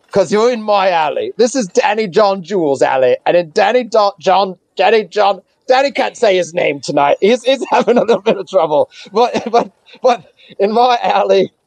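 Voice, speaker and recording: Man voicing a dim-witted half-ogre thug: hungover, blustering, a bit high, lively. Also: moderate pace, gravelly, no echo. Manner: dim-witted, blustering, trips over his own name.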